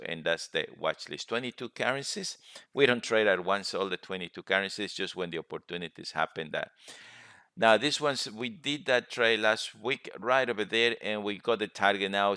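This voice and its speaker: Deep-voiced man with a bright, crisp tone. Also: no echo, clean studio sound. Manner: rambling, many fillers and self-corrections. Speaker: trading webinar host. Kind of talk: casual live screen-share lesson.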